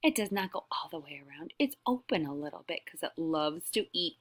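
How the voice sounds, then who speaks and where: A young adult woman teaching an online lesson to small children, speaking in a drawn-out, encouraging sing-song that often drops to a whisper. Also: deep voice, animated. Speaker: preschool teacher.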